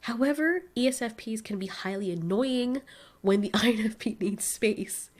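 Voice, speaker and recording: A young woman in casual chat, telling lively stories and acting out what people said, often breaking into laughs. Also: fairly high pitch, moderate pace. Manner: animated storytelling, acts out quotes with laughs. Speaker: vlogger.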